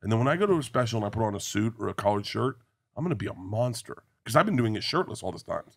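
A middle-aged man, a guest comedian, telling animated stories in a casual interview and acting out the people he quotes. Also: on the low side, racing, gravelly. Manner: animated storyteller, acts out quoted voices.

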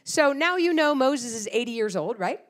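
A woman's voice: sits high, normal speed. A middle-aged woman preaching a sermon, telling stories with lots of acted-out quotes. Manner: animated storytelling with acted-out quotes. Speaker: guest speaker.

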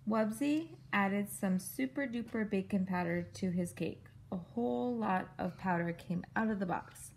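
A woman at home reading a picture book aloud to a child in a clear, patient storytelling manner. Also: medium pitch, measured pace, hardly any pauses, darkish tone, a little hiss or hum, poor audio.

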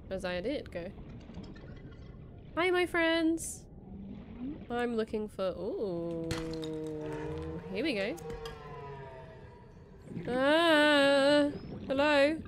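A woman giving casual, excitable let's-play commentary, chattering to herself and to the creatures she meets. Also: medium pitch, measured pace, slight background noise. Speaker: game streamer. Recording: game music under voice. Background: game music.

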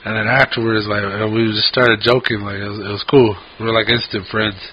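A man's voice: fairly low pitch, flat delivery, a little fast, a little hiss or hum. A man co-hosting a podcast, telling rambling stories in casual chat and swearing freely. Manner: profane, rambling storyteller. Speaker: podcast co-host. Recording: dull lo-fi podcast audio.

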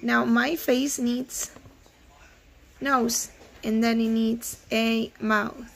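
Slow-talking, gravelly elementary school teacher. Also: female voice, on the high side, level tone, slight background noise. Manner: slow, warm, questioning teacher talk, switching into Spanish. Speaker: first grade teacher. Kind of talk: remote reading lesson for children.

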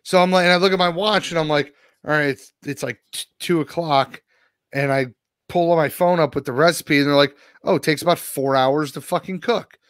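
A man on a podcast, his voice sitting a bit high, tells a long rambling story and swears freely. He sounds sore and worn out after a hard day. The sound is close and dry. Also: brisk, fairly bright tone, no room sound. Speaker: podcast co-host. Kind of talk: casual podcast chat.

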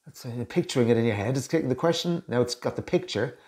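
A man's voice: mid-range voice, expressive, quick pace, hardly any pauses, darkish tone. An Irish man, a communication coach, talking straight to camera in a chatty way and acting out both sides of everyday small talk. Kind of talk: direct-to-camera coaching tips.

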